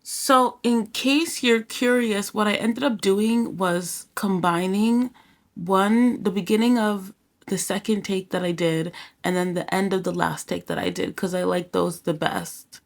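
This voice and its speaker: A woman's voice: mid-range voice, fairly even intonation, measured pace, vocal fry. A chatty woman in a home recording setup talks the camera through her process. She rambles freely and peppers her talk with "y'all" and "like." Now and then she sounds a little winded from singing. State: a little out of breath at times. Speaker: songwriter and home producer. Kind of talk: casual vlog talk to camera.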